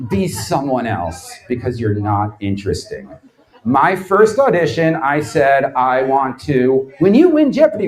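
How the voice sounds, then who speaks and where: A man's voice: a little high, rough recording. Sardonic man telling stories on stage. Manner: sardonic, animated storytelling with acted-out quotes. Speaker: lecturer, former quiz show champion. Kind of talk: comedic live lecture. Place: bar event space before a live audience.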